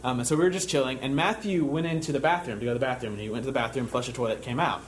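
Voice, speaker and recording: A man's voice: mid-range voice, racing, a little hiss or hum. A young man preaching a sermon in a conversational way, telling a camp story with frequent fillers and restarts. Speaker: camp counselor giving a church talk.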